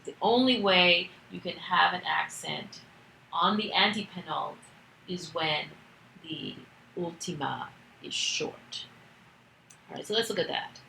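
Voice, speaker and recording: A woman's voice: lowish voice, slow, vocal fry, pushed and bright, reverberant, slight background noise, rough recording. A woman teaching a recorded grammar lesson, explaining step by step with patience and the odd filler. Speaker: Greek teacher.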